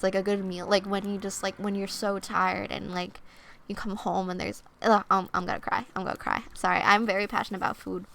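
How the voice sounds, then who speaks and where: A young woman streamer with a medium-pitched voice gives oracle card readings in soft-spoken ASMR chat. She is casual and rambling, with lots of fillers, playful asides and silly wordplay.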